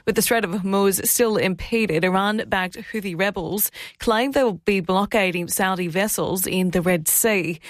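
An Australian woman presenting a radio news bulletin in a measured, clear newsreading manner. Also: medium pitch, no echo, clean studio sound. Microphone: studio microphone.

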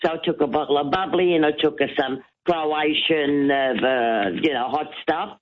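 A woman's voice: low-pitched, moderate pace. A woman calling a radio talk show, telling her story in a chatty, rambling way full of fillers and restarts. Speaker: radio caller. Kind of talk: casual phone-in storytelling. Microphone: telephone. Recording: tinny phone line.

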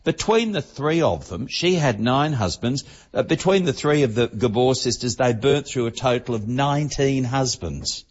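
A man's voice: mid-range voice, animated, moderate pace, hardly any pauses, slightly rough. A man, telling celebrity gossip as an entertainment reporter on a radio show in a chatty, storytelling manner. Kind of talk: casual radio chat. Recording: dull lo-fi broadcast audio.

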